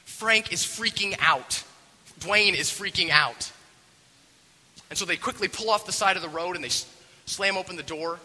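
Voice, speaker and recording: A man's voice: high voice, moderate pace, pauses often, in a large hall, poor audio. A man animatedly retelling a film scene, acting out the characters as he goes. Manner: expressive, acts out the characters' voices. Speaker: storyteller.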